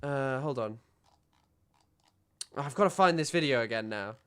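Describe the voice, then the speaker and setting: A man's voice: mid-range voice, expressive, measured pace, fairly bright tone, slight background noise. A male streamer giving casual, sardonic reaction commentary into a desk microphone.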